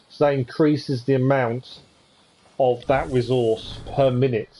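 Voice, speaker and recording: Mellow man thinking aloud while gaming. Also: medium pitch, fairly even intonation, measured pace. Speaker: game streamer. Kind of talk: casual gameplay commentary.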